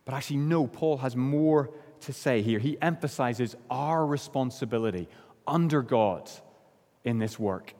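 Preacher from Northern Ireland in a hall. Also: male voice, darkish tone. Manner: earnest, slows and drops low on key phrases. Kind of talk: sermon. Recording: long hall reverb.

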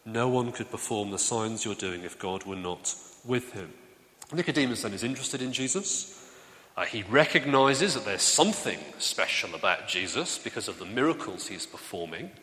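A man's voice: fairly low pitch, lively intonation, normal speed, sharp tone. A man preaching a sermon in an easygoing, conversational way, telling stories and asking the room questions. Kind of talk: sermon with audience interaction. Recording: long hall reverb.

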